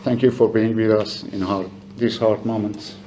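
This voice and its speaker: An older man giving a halting, emotional memorial speech for his mother. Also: fairly low pitch, steady tone, slight background noise. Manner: halting, emotional, soft-spoken. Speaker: family member giving a eulogy.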